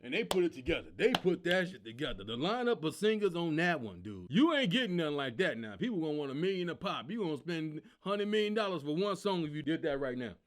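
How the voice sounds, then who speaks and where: Guy doing a comedy monologue, high voice, all over the place, loud and excitable. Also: fast, hardly any pauses. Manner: loud, excitable storytelling with acted-out quotes and laughter. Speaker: comedian host.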